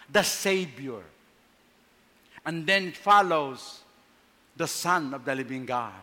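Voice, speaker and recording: A Filipino man preaching slowly and deliberately, his voice high-set and bright. He repeats his questions and climbs in pitch and force as he presses each point. The sound rings out with the long reverb of a big hall. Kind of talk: sermon.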